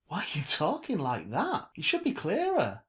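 Man doing a shrill, defiant teenage girl. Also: huge pitch swings, moderate pace, a bit bright, full character voice. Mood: baffled. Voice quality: snappy, defiant.

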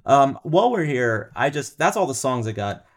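A man's voice: medium pitch, sing-song, normal speed. Joking young man rambling on a podcast. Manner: jokey, rambling, laughs often. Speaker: podcast co-host. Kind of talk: casual chat.

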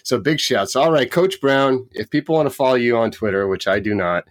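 A man's voice: mid-range voice, brisk, no room sound, clean studio sound. A man hosting a podcast in casual chat, telling joking anecdotes and laughing often. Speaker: podcast host.

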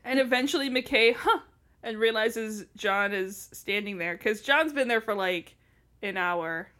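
A woman's voice: mid-range voice, measured pace, a bit bright. A woman co-hosting a podcast, recapping a TV episode in casual chat, laughing often and swearing casually.

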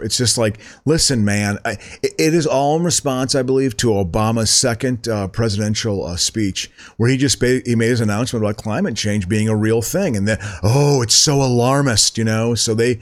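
A man in casual podcast chat, rambling with stammered restarts and swearing as he rants. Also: mid-range voice. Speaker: podcast co-host.

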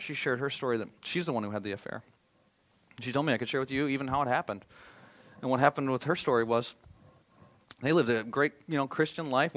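A male pastor preaching a sermon, swinging from loud emphatic appeals to a hushed, prayerful tone. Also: medium pitch.

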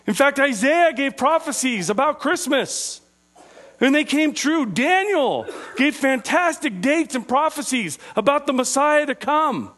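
A man with a notably high-pitched voice gives an interactive sermon. He keeps putting questions to his listeners and draws out the key phrases slowly for weight. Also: lively intonation, fairly bright tone. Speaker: preacher teaching a group.

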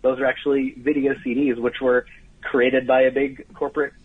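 A man being interviewed as a book's author over the phone, talking with animated enthusiasm about surprising trivia. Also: medium pitch, normal speed, husky, dry recording. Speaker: guest author. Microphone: telephone. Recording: tinny dry phone line.

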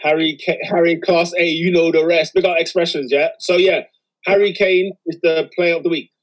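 A high-voiced man, trading slangy football banter. He sounds animated and quick to jump in. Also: poor audio. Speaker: podcast co-host. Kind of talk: casual football chat.

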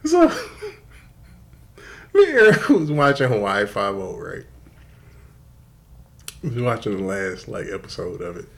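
A man's voice: fairly low pitch, sing-song, a little slow, creaky, long pauses, a bit bright. A man co-hosting a podcast in casual chat, telling stories animatedly, swearing freely and laughing often. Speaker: podcast co-host.

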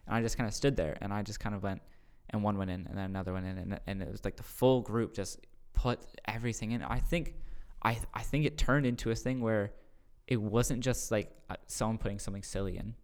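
A man, a youth pastor, telling a retreat story on a podcast in a casual, excited way, often repeating his words. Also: fairly low pitch, a little fast, hardly any pauses, smooth.

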